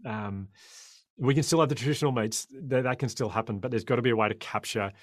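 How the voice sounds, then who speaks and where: Australian man, 40s, impassioned podcast guest, quick delivery, dry close sound. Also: mid-range voice, no room sound. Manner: impassioned, rambling with frequent restarts. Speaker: guest, former cricketer turned sprinter. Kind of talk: podcast conversation.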